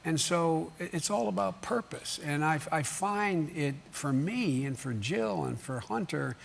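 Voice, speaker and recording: An older man as a talk show guest, speaking haltingly with many fillers and restarts. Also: on the high side, lively intonation, vocal fry, slight background noise.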